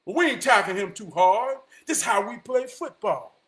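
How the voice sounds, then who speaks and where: A man with a very high, sharply bright voice delivers a fired-up motivational monologue. He lurches from loud shouting down to low muttering, hammers lines by repeating them, and curses freely. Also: animated, moderate pace. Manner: heavy cursing, repeats phrases for emphasis.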